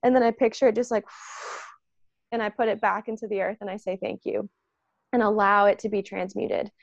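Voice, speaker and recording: A woman talking about energy and consent in a casual spiritual chat. She is animated and acts out the voices of the people she quotes, with a lot of "like" and "um". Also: medium pitch, normal speed, vocal fry, dry recording, lo-fi sound.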